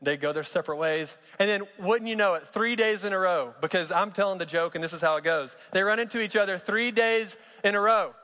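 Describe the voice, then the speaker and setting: A man's voice: sits high, brisk, few pauses, bright, forceful tone. A man giving a sermon as pastor, conversational and joking, with frequent restarts. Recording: long reverb of a large hall.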